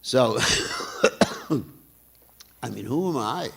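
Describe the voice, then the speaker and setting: Older man, gravelly voice, lively sermon. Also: medium pitch, extremely slow. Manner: animated and laughing often. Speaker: temple class speaker. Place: temple hall.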